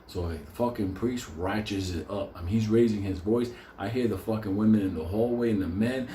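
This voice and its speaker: A man's voice: fairly quick, hardly any pauses, reverberant, a little hiss or hum. A man telling a wild story in a comic, profane way, swearing constantly and laughing as he talks. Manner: shouts acted quotes in a high voice.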